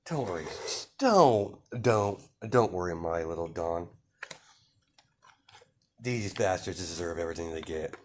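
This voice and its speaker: A man voicing an ancient vampire queen and mother, speaking calmly and scornfully in a fan-made story. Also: sits low, a little slow, long pauses, a little hiss or hum. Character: cold, mocking vampire queen mother, woman.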